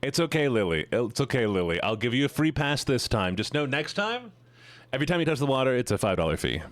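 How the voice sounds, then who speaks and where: A man's voice: medium pitch, very animated, fast talker, no echo. A man streaming live, chatting casually and teasing his chat with playful mock-villain boasts.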